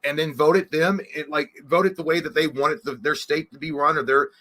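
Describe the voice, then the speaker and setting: Young male co-host, bright edgy tone, rambling and cussing. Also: a little high, moderate pace. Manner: rambling, animated, swears a lot. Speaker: podcast co-host. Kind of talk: casual profane chat.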